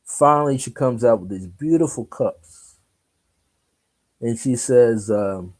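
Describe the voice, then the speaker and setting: A man's voice: medium pitch, takes it slowly, pauses often. A man telling a personal story as an interview guest, acting out the dialogue and laughing often.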